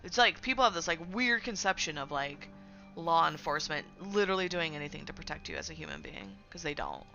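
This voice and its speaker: A woman game streamer chats casually while playing, ranting with plenty of swearing and fillers. Her voice is low-pitched, creaky, pushed and bright, very animated and fairly quick. The sound is lo-fi, with faint music behind her.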